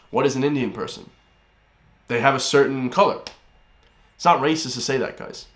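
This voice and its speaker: Irish man, reaction host, ranting commentary, mid-pitched voice, roomy echo. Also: fairly bright tone. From Ireland. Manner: ranting, keeps addressing viewers as guys and bro. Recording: roomy echoey room.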